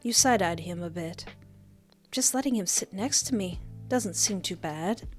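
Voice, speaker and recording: A woman's voice: mid-range voice, animated, unhurried, faint music behind. Playful woman reading a story game aloud. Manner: playful, laughing asides. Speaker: game streamer. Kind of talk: playing and reading a visual novel aloud.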